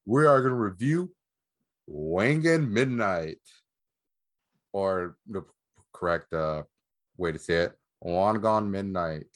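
A man with a fairly low voice trading jokes and friendly trash talk on a podcast. The sound is dry and close. He laughs often and keeps the banter loose. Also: unhurried, no room sound. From Southern California. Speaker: podcast co-host.

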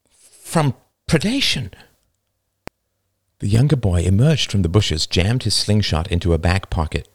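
A man narrating a novel as its author, reading expressively and dramatically. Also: low-pitched.

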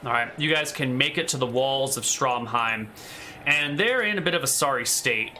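A man's voice: medium pitch, moderate pace, sharp tone, slight background noise. A man narrating a tabletop game as game master, describing scenes while thinking aloud.

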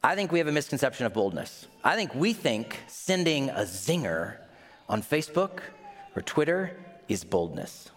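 A man's voice: medium pitch, sing-song, normal speed, faint music behind. A man with a Midwestern accent preaching a sermon as pastor, conversational, putting questions to the congregation and acting out little scenes in mock voices.

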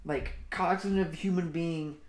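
A man's voice: fairly high pitch, steady tone, a little slow. A young man co-hosting a podcast, telling a story in a rambling, profane way with lots of fillers. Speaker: podcast co-host. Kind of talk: casual storytelling chat. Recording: echoey room, faint noise.

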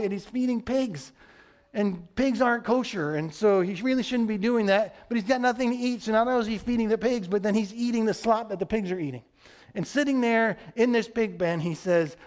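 A man preaching a sermon as pastor, earnest and emphatic, sometimes dropping soft and low for stress. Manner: earnest, emphatic, acts out quoted voices.

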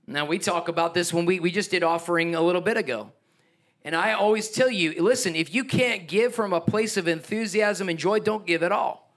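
A man preaching a sermon as pastor, energetic and emphatic, with playful asides and chuckles. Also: sits high, brisk.

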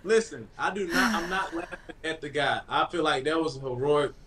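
A man's voice: a little high, normal speed, heavy background noise. A man guest-hosting a casual talk show, teasing and laughing as he talks.

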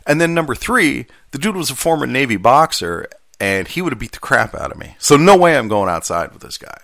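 A man's voice: mid-range voice, very animated, a little fast, creaky, a bit bright, no room sound, clean studio sound. A mail carrier, a man telling a story from his job in a casual, rambling, conversational way with self-deprecating asides.

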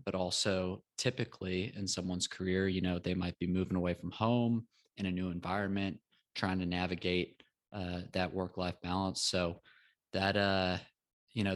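A young man from Texas co-hosts a podcast in a deep, flat voice. He reflects in a measured, casual way and keeps checking in with his listeners through quick tag questions. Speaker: podcast co-host, former college athlete.

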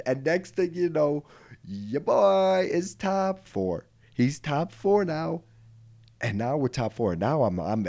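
Low-voiced man telling a rambling comic bit. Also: warm tone, no echo. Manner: rambling, peppered with "right?". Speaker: podcast host. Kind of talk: comedic storytelling monologue.

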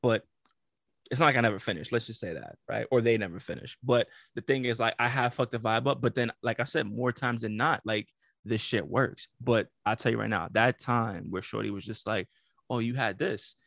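A man's voice: mid-range voice, brisk, vocal fry, a bit bright, no echo. A man telling stories on a podcast, loose and profane, who keeps breaking into laughter as he talks. His voice is close and dry, with no room sound around it. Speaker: podcast co-host. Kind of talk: casual chat.

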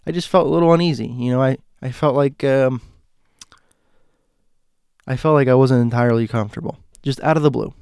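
A man with a gravelly, creaky voice tells a spooky personal story in a casual, conversational way. He stops, restarts and corrects himself as he searches for words. The sound is dry and close. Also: medium pitch, darkish tone, dry recording. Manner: halting, self-correcting, conversational.

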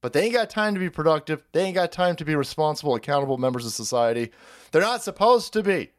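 A man's voice: fairly high pitch, expressive, fast, clean tone. A man hosting a livestream, ranting in a profane, mocking way and laughing often. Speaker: streamer host.

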